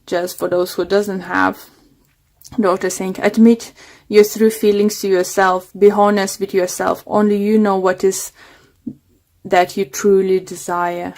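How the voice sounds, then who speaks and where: Woman, tarot reader, fading hoarse voice, halting delivery, lots of ums. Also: medium pitch, flat delivery, a little mellow. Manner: hesitant, many fillers and restarts. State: losing her voice. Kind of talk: casual tarot reading monologue.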